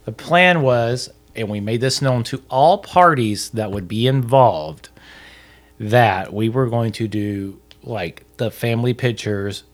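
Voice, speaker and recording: A man's voice: mid-range voice, slow. A man in his thirties co-hosting a podcast, telling a story in a dry, sarcastic way. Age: 30s. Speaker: podcast co-host. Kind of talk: casual chat.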